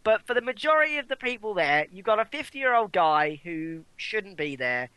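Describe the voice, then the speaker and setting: A British man with a bright voice that rises and falls a lot. He co-hosts a podcast in casual chat and is blunt, swearing freely. The recording is dry. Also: high-pitched, very animated, moderate pace, clear, resonant tone, no room sound. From Britain. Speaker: podcast co-host.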